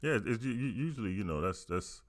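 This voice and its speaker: A man co-hosting a talk show, speaking casually in halting, repeated phrases. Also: fairly low pitch, expressive. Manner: halting, repeats words, chuckles. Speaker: co-host. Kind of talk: casual chat.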